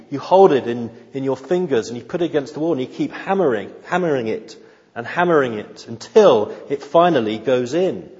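A man's voice: mid-range voice, darkish tone. Guy preaching, hammers his point with questions, big echoey church, kinda muffled. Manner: emphatic, repeats key phrases, rhetorical questions. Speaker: pastor. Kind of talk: sermon. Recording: dull sound with long reverb in a hall.

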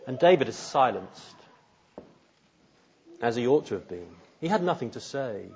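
A man's voice: mid-range voice, very animated, normal speed, long pauses, husky, lo-fi sound. A man preaching a sermon in an earnest, searching way, putting pointed questions to his listeners.

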